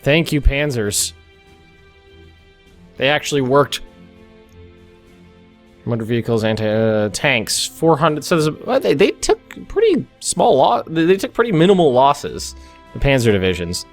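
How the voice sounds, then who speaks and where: A young American man hosts a let's play, thinking out loud through a strategy game, often restarting and going off on asides. His mid-range voice has lively intonation and a measured pace with frequent pauses. It's casual gameplay commentary with faint music in the background.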